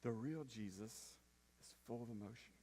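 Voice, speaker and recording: A man preaching a conversational sermon as pastor, dropping to a hush then rising to emphatic points and checking in with the congregation. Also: mid-range voice, measured pace. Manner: conversational preaching with frequent "right?" asides, swinging from hushed to emphatic. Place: church sanctuary. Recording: long reverb of a church hall.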